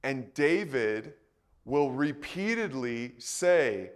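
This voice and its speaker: A man's voice: a little high, lively intonation, measured pace. A man preaching a sermon to a congregation, teaching in a conversational way and putting questions to his listeners. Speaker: pastor. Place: church hall.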